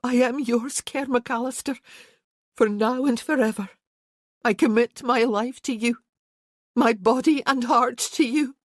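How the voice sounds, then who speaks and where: A woman voicing a stubborn, sharp-tongued young Highland woman in an audiobook, with a high, urgent and emphatic delivery. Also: unhurried, no echo, clean studio sound. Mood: pleading.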